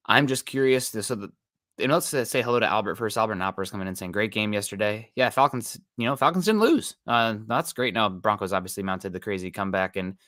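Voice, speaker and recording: Bright-voiced, easygoing sports podcast host. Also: male voice, lowish voice, lively intonation, fast, dry recording, clean studio sound. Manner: easygoing, greets viewers and reads their comments. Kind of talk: casual live-stream sports chat.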